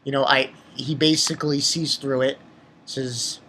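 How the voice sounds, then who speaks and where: A man casually recapping a manga chapter for his channel, rambling and excitable, with lots of fillers and restarts. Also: medium pitch, a little slow, slight background noise. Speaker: manga review channel host.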